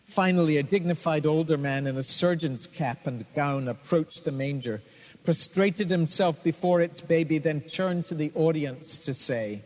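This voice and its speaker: A man narrating a story in a steady, expressive reading. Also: a little high, moderate pace. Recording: long hall reverb.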